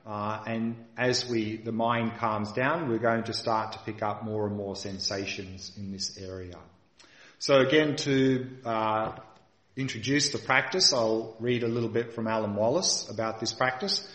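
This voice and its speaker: A man teaching a meditation practice, guiding patiently and calmly and repeating key points for emphasis. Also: lowish voice, unhurried, reverberant. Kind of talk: guided meditation instruction.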